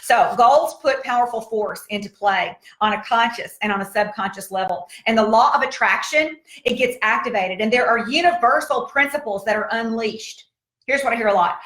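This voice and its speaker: A woman's voice: a little high, brisk, a bit bright. Emphatic woman motivational speaker, roomy sound. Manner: emphatic, repetitive, exhortative. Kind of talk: motivational talk. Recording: roomy echo.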